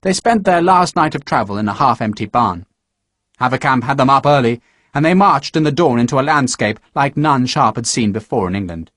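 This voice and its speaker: Man reading an audiobook in a lively voice. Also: mid-range voice, brisk, no echo, studio quality. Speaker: audiobook narrator. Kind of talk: audiobook narration.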